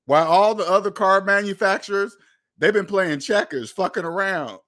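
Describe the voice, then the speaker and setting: A man hosting a finance channel speaks in a fairly high voice. He talks straight to his viewers in an emphatic, repetitive way, with the odd swear word thrown in. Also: lively intonation, normal speed, a bit bright. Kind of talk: casual monologue commentary.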